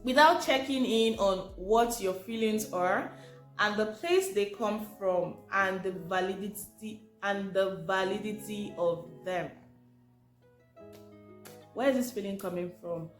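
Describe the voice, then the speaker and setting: A woman's voice: mid-range voice, slow pace. A woman giving an informal teaching talk, chatty and asking her listeners rhetorical questions. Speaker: presenter. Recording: echoey room with faint music.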